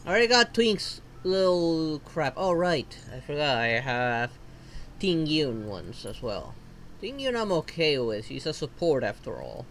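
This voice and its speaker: A woman's voice: deep voice, big pitch swings, unhurried, a little hiss or hum. A woman from Argentina, streaming a gacha game and ranting in frustration with lots of swearing.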